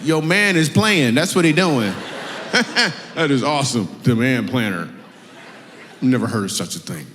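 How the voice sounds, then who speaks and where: Animated man doing stand-up crowd work. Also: medium pitch, measured pace, slight background noise. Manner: animated, teasing, laughs often. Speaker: comedian. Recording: live hall with faint ambience.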